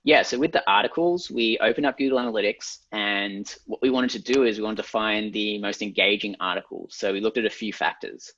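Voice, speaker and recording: An Australian man with a lowish, husky voice talks through marketing numbers in a steady, methodical way, pausing on ums. The room sounds dry and close, and the audio is a little dull and lo-fi. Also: no room sound. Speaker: ad consultant guest. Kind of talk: explaining a screen walkthrough.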